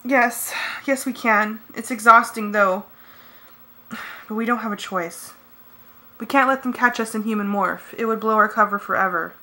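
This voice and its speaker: A woman's voice: on the high side, normal speed, sharp tone. A woman voicing an anxious, guilt-stricken teenage girl in a fan audiobook, with a pleading, shaky delivery. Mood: urgent. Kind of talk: fan audiobook character reading.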